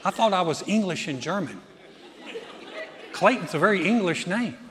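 A pastor in his sixties preaches a sermon in a fairly high, animated voice at normal speed, slightly bright, with a faint crowd and long hall reverb. He is emphatic, building through rising lists and telling stories with humorous asides.

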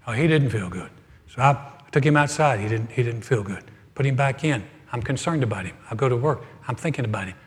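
A middle-aged man preaching as pastor, telling a humorous story with animated swings from loud to soft. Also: mid-range voice, normal speed. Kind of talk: humorous sermon. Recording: hall reverb.

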